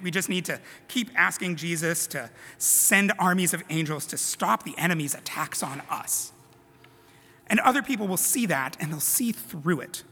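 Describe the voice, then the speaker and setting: A man delivers a sermon to his congregation, slipping into conversational, self-deprecating asides. His voice sits a little high and sounds bright and forceful. Long reverb from the church sanctuary trails behind his words. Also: breathy edge. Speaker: preacher.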